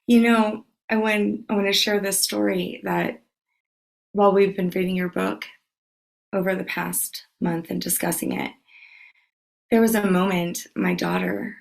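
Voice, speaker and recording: Creaky-voiced woman podcast host. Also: medium pitch, poor audio. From Louisiana, USA. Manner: chatty storyteller, many fillers. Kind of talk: casual chat.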